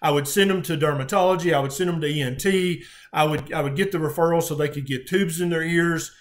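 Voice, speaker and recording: A middle-aged man with a fairly high speaking voice. He tells a patient story earnestly, with feeling and frequent restarts, as a physician in conversation. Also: fast. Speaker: physician guest.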